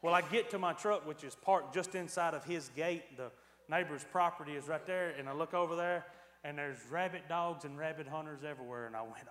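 Man, pastor, high-pitched, animated storyteller; echoey hall. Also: brisk. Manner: animated storytelling, swings from quiet to loud. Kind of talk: sermon with a personal story.

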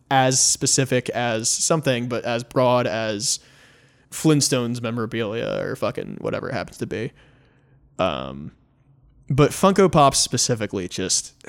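A man's voice: mid-range voice, vocal fry. A young man co-hosting a podcast in casual chat, rambling and profane, laughing often. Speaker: podcast co-host.

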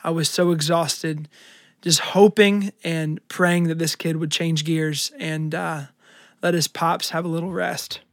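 A man's voice: a little high, fairly even intonation, a little slow, a bit bright, no room sound, studio quality. A man co-hosting a devotional podcast, speaking earnestly and searching for words. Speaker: podcast co-host.

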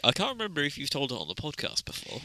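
A man's voice: fairly high pitch, wildly swooping pitch, rapid-fire, pushed and bright. A young man hosting a casual podcast chat, playful, laughing often and swearing casually. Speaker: podcast host.

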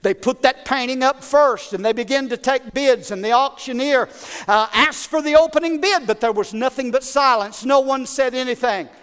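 A man preaching a sermon, telling a story dramatically and building to shouted praise in a large church hall. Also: very high voice, normal speed, smooth. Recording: long hall reverb.

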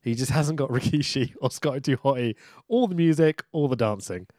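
A man's voice: medium pitch, a little fast, darkish tone, no room sound, clean studio sound. A man co-hosting a podcast, recapping with sarcasm, swearing and frequent laughter in casual chat. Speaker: podcast co-host.

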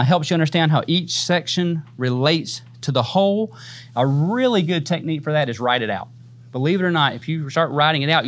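A man teaching a church Bible class in a casual, conversational way, often adding "man" and "right?" and laughing easily. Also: a little high.

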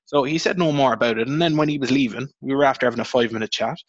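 A young Irish man chatting fast on a podcast, rambling and cursing as he tells his stories, his voice leaping high when he gets worked up. The sound is dry and a bit dull, like a cheap close mic. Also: no room sound. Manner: rambling, swears, animated storytelling with pitch jumps. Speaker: podcast host. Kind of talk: casual podcast chat.

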